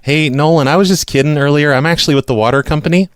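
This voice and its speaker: A man's voice: fairly high pitch, fast talker, clean tone, dry recording, clean studio sound. A man hosting a radio show, making prank phone calls and talking in a mock-innocent, apologetic way. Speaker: prank call radio host.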